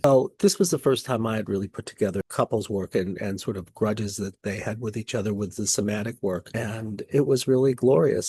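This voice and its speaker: A man working as a therapist, recounting a couples session in a soft, reflective, loosely phrased way. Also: on the low side, breathy edge, no echo.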